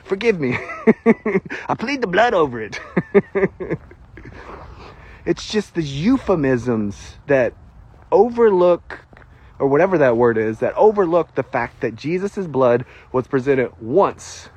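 Chatty Southern preacher with a lively, husky voice. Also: male voice, a little high, slow pace. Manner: chatty and self-deprecating, laughs often. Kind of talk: casual sermon.

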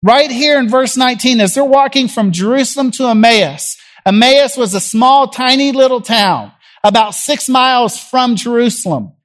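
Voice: medium pitch, lively intonation, normal speed. A preacher from Tennessee, giving a sermon as a conversational story and acting out the people in it. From Jackson, Tennessee.

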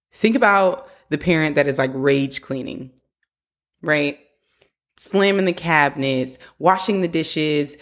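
A woman with a low voice talks through parenting advice in an earnest, coaching manner. She is a young adult host who now and then acts out a frustrated parent's words. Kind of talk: casual advice talk.

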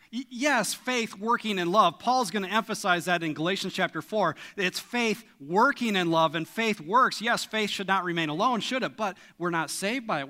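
High, bright-voiced preaching man. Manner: earnest, emphatic preaching with sudden questions. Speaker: pastor. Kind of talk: sermon. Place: church sanctuary.

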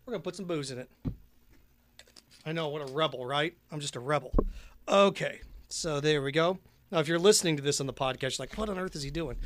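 Chatty man with a high voice. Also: fairly quick, pauses often, noisy background. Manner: jokey and rambling, hums and sings along. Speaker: podcast host. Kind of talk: casual chat while mixing a drink.

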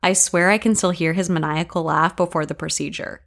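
A woman hosting a podcast, telling scripted memoir stories with wry, deadpan humor. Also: on the low side, brisk, creaky. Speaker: podcast host.

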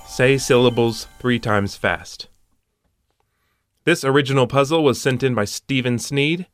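A man's voice: medium pitch, a little slow, a bit bright, no echo. A man hosting a puzzle show, walking through solutions step by step with dry punning asides.

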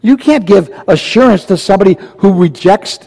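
In this verse-by-verse sermon, the pastor speaks emphatically and throws rhetorical questions at the congregation at normal speed. His fairly high voice is mellow, expressive and creaky, echoing with the long reverb of a big church hall.

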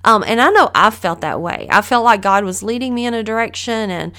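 A middle-aged woman hosts a podcast and teaches a casual but earnest Bible lesson, posing questions to the listener. Her high-leaning voice is expressive, bright and forceful, and she talks fairly quickly. It's an informal devotional teaching.

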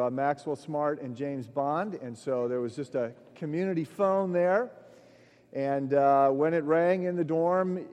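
A middle-aged pastor with a medium-pitched, slightly mellow voice preaches a sermon, telling stories with frequent "uh" fillers and building his emphasis as he goes. Long, echoey hall reverb fills the recording.

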